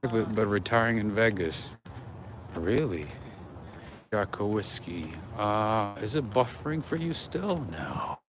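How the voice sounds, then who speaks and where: A man with a somewhat low voice chats to his livestream viewers while walking city streets. He speaks into a handheld phone, so traffic and street noise come through clearly. His talk is loose and unscripted. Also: animated, slow pace. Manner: chatty, talks to viewers, often whispers. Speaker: livestream walking-tour host. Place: outdoors on city streets near a waterfront.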